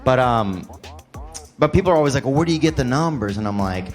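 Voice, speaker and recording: A man's voice: medium pitch, animated, quick pace, music in the background. A man doing stand-up comedy, telling a rambling story with a wry delivery.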